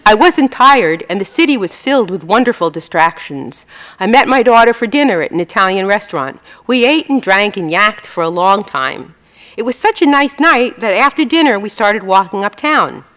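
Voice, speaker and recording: Lively New woman telling wry stories. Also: mid-range voice, in a large hall. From New York. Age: 60s. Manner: chatty and self-mocking, with lots of fillers and quick voiced asides. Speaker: author giving a talk. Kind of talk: storytelling talk with slides and a reading. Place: event hall before an audience.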